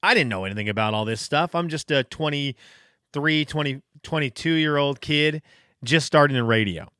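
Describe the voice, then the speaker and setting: A podcast host delivers a casual storytelling monologue, animated and self-deprecating. His voice is a little high at a moderate pace, with a clean tone on a dry, clean studio recording.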